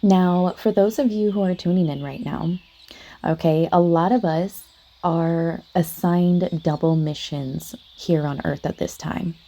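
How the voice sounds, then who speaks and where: A woman's voice: fairly low pitch, measured pace, warm tone. A woman hosting a spiritual podcast in a casual, chatty monologue, talking straight to her listeners with lots of "like" and "you know what I mean". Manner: earnest, addresses listeners directly.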